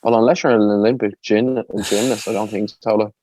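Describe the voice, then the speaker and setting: A man's voice: fairly low pitch, steady tone, fairly quick, mellow, dry recording, poor audio. A man with an Irish accent, co-hosting a podcast in laid-back casual chat, saying "like" a lot. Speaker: podcast co-host.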